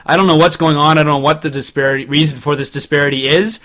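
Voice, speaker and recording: A man's voice: a little high, steady tone, quick pace, pushed and bright. A young man co-hosting a casual hockey podcast, jokey and giggly, often slipping into silly voices. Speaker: podcast co-host.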